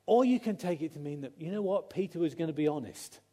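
A man's voice: fairly high pitch, lively intonation, fast, mellow. A man preaching a conversational sermon, often acting out quotes and restarting his sentences.

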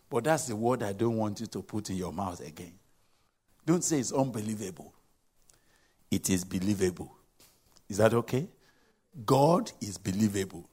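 A man preaching a sermon, emphatic and repetitive, swinging between loud exhortation and hushed asides. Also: mid-range voice.

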